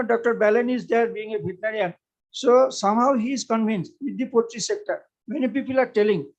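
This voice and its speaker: A man's voice: high voice, poor audio. A man with an Indian English accent giving an unscripted speech at a seminar. He halts often with fillers and restarts, and repeats his points to press them on the audience. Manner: halting, with frequent "uh" fillers and restarts; persuasive and repetitive, urging the audience. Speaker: invited speaker at a seminar.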